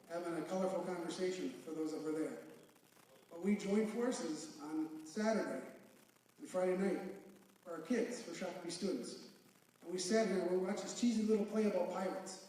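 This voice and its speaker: A man's voice: high voice, dark tone. A man and school board member speaking with emotion and earnestness at a public forum in a large school auditorium. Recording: echoey hall from far off.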